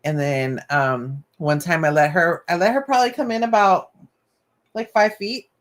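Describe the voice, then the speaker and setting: A chatty woman hosting a casual live stream, her voice sitting a little low. She tells rambling stories with mild cussing and quick Spanish asides, while her hands are busy with a craft. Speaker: channel host.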